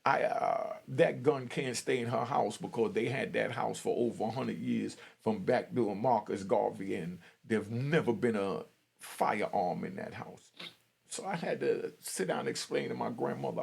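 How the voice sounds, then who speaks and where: A man's voice: medium pitch, moderate pace, vocal fry, darkish tone, breathy edge. A man in his fifties from Jamaica giving blunt, streetwise warnings in a commentary vlog, outdoors on a street. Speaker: vlogger.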